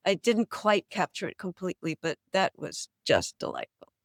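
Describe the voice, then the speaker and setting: Here a New England actress, older, speaks at a normal pace with a voice on the low side. Guesting on a casual interview, she spins animated stories punctuated by frequent laughter, captured in clean studio audio without room sound.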